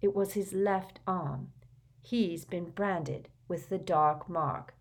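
A stubborn, earnest teenage boy, as a woman reader puts him on, speaking slowly and insistently. He sounds frustrated, pressing his case in an audiobook. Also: on the low side, husky, full character voice.

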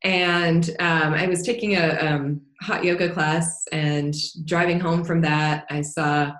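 A woman guest on a podcast talking casually in a cheerful way, laughing often and filling pauses with ums. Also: low voice, fairly even intonation, fairly bright tone. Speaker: podcast guest, dance teacher. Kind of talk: casual interview chat. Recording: roomy echo.

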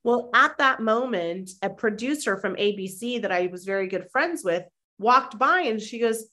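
A woman, a mindset and manifestation coach, telling a lively personal story as a podcast guest and acting out the people in it. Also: on the high side, normal speed, few pauses. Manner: animated, acts out quoted voices; conversational with fillers like "like". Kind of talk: anecdotal storytelling in an interview.

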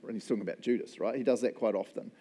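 Joking New Zealand pastor, mellow voice. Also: male voice, fairly low pitch, very fast. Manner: jokey, animated storytelling with self-deprecating asides. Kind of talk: casual sermon. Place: church.

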